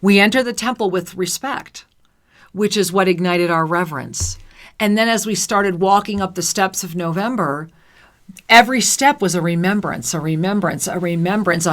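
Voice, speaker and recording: A woman's voice: fairly low pitch, moderate pace. A woman co-hosting spiritual talk radio, effusive and sing-song, giving intuitive readings to callers. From New Jersey. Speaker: radio show co-host and intuitive reader.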